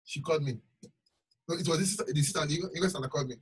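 Male preacher, raspy bright voice, emphatic repetition, recorded from a distance. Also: a little high, racing. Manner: emphatic, repeats phrases for stress. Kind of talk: sermon with personal testimony.

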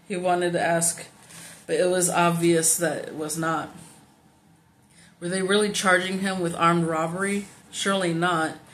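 A woman reading a children's novel aloud in steady, plain narration, now and then stumbling on a word and correcting herself. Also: fairly low pitch, a little hiss or hum. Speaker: audiobook reader.

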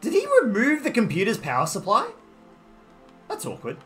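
Over faint background music, an Australian man streams a game and rambles casually, saying hello to chat and answering viewers. His voice sits high and is fairly bright, with huge pitch swings at a normal speed. He uses a desktop microphone.

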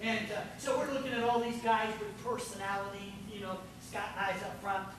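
A man's voice: high-pitched, level tone, a little fast, a bit bright, slight background noise. A man preaching a sermon in a church sanctuary with a folksy storytelling manner and frequent asides. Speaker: pastor. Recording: echoey church from far off.

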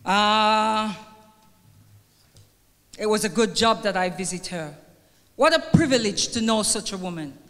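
At a funeral, an older woman with a Jamaican accent delivers a heartfelt eulogy, tearful but earnest, reading scripture in a lilting, churchly cadence. Her mid-range voice is a bit bright, at a measured pace with frequent pauses, ringing with a church hall's long reverb.

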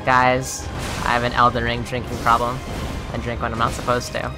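Game music plays as a woman streamer comments on her gameplay in an extremely low, monotone voice at a moderate pace. She's profane and fed up, speaks to her viewers, and shrieks and shouts when she dies.

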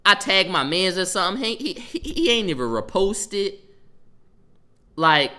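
Sharp-voiced young man ranting on stream. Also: high voice, measured pace. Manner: animated, profane, reacting to chat while talking. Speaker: livestreamer telling a story. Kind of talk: casual storytime on a livestream.

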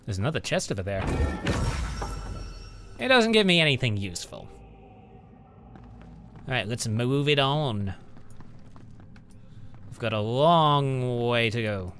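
A man's voice: mid-range voice, big pitch swings, slow pace, pauses often, a bit bright, soft background music. A man giving casual let's-play commentary at his home computer, chatting as he reads out item stats and mutters at enemies. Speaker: gaming channel host.

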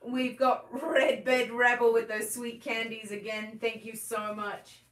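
A woman's voice: fairly high pitch, little pitch movement, measured pace, a bit bright. A woman co-hosting a live stream, cheerfully reading viewer comments and thanking them. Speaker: co-host reading live chat. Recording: distant voice in echoey room.

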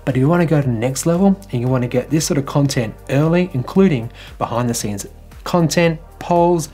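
A man's voice: on the high side, brisk, dark tone, husky, faint music behind. An Australian man hosting a casual electric vehicle news vlog, chatty and jokey with enthusiastic asides.

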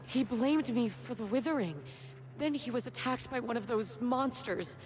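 A woman's voice: on the high side, normal speed, a little mellow, faint music behind, lightly acted. An actress playing a shaken young woman who earnestly recounts an attack in a live-action series. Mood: urgent.

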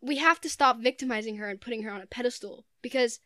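Smooth-voiced young woman, earnest chat. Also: a little high, fast, a bit bright, no echo, clean studio sound. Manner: earnest, lots of "like" fillers. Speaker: podcast guest. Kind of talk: casual podcast chat.

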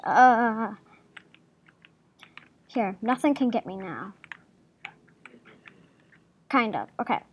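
A woman casually commenting on her own gameplay, talking to herself with jumpy reactions and soft murmured asides. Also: a little high, animated, drawn-out words, long pauses, slightly rough. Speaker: gaming video creator.

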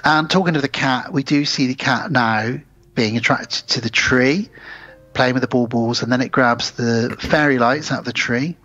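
A man co-hosts a casual podcast, recapping a film with lively put-on voices for each character. The audio is a little muffled, with soft music underneath. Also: medium pitch, moderate pace, no room sound. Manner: animated retelling, acts out characters' lines. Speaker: podcast co-host.

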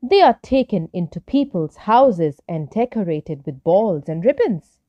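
A woman's voice: mid-range voice, very animated, unhurried, no echo, dull audio. A woman voicing a friendly, wise old stork in a children's story, kindly and advising. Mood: knowing.

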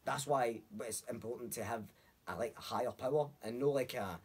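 A man's voice: mid-range voice, fairly quick, slightly rough. A young Scottish man, a podcast guest, chatting bluntly and swearing freely as he tells stories. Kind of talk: casual chat.

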